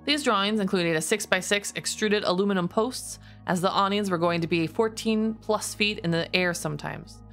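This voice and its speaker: A woman streamer reading posts aloud in a deliberately lower, steady voice. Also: soft background music. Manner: reads in a lower, steadier voice, laughs often.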